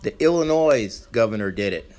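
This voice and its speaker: A man's voice: lowish voice, expressive, normal speed, a little mellow, soft background music. A man hosting a podcast, delivering an angry, profane, blunt rant. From Arizona, US. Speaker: podcast host. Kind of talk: ranting monologue.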